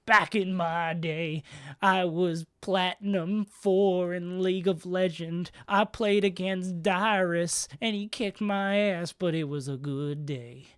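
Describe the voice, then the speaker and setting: A man putting on a slow, dying old southern gentleman. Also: sits high, fairly even intonation, smooth, dry recording, studio quality. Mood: wistful boasting. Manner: slow, drawling old-timer boasting.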